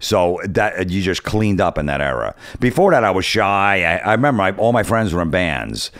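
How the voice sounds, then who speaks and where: A man's voice: low voice, expressive, moderate pace, a bit bright, no echo, clean studio sound. A man from New Jersey, a comedian guest telling blunt, profane stories in casual chat. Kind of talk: casual storytelling.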